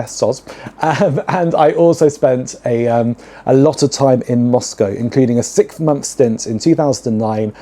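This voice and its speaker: A man's voice: medium pitch, warm tone. A British man in his late thirties or forties hosting a drag podcast, talking in a cheeky, digressive, chatty monologue with camp asides. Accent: British English.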